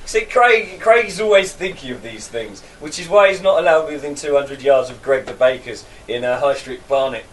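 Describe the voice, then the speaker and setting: A man's voice: medium pitch, lively intonation, moderate pace, few pauses, far from the mic. A young man co-hosting a radio show, teasing the others and laughing often. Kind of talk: casual banter.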